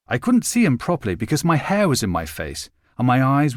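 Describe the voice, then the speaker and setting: Scripted audiobook narration: a medium-pitched male voice tells a novel's story in a measured, expressive way, recorded with clean studio sound and no echo.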